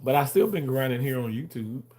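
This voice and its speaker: Man, livestream host, casual chat, rambling, repeats words, mid pitch. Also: animated, fairly quick, dark tone. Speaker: livestreamer reading viewer chat.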